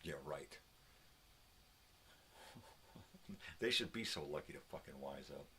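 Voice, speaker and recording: An older man with a deep, low-pitched voice talks casually at home and swears freely as he rants. A faint hum of ambient noise sits behind him. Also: animated, takes it slowly, bright, forceful tone. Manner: profane, ranting, talks to his dogs. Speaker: vlog host. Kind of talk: casual morning chat. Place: home with dogs.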